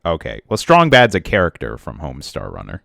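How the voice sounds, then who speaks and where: A young man with a low, deep voice chats casually on a podcast, joking around and breaking into goofy, excited bursts. The sound is dry and close, with no room around it. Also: brisk, vocal fry, no echo. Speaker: podcast co-host. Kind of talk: casual chat.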